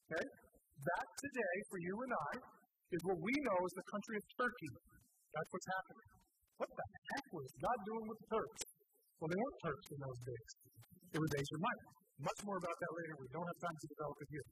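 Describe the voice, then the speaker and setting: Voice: medium pitch, expressive, a little fast. A pastor teaching Bible verses in a conversational way, asking listeners rhetorical questions and correcting himself mid-phrase. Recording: clear background hiss.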